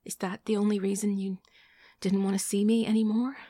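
Hurt, pressing young woman, tense and raised, read by a woman narrator, husky edge. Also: mid-range voice, little pitch movement, a little fast, dark tone, dry recording, voice pushed up, natural voice.

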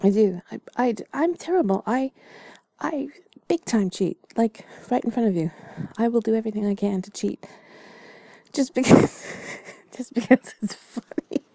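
A woman in a whispered role-play, talking softly and teasingly to the listener as her bed partner. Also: a little high, animated, unhurried, vocal fry, no echo. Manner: soft, teasing and playful, often whispering. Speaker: ASMR creator.

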